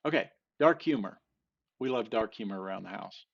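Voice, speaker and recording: An older man tells groaners in a loose, halting way, with plenty of fillers and restarts and a shrug whenever he botches a punchline. His voice has a gravelly fry to it, and the recording sounds dull and lo-fi. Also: on the low side, expressive. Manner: rambling, halting delivery with many fillers and restarts; self-deprecating, laughs off flubbed punchlines. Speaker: joke teller. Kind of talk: casual joke telling.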